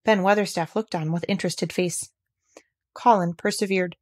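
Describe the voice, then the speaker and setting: A woman reading a classic children's novel aloud in steady, clear storytelling narration. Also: on the low side, normal speed, no echo. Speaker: audiobook reader. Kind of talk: scripted narration.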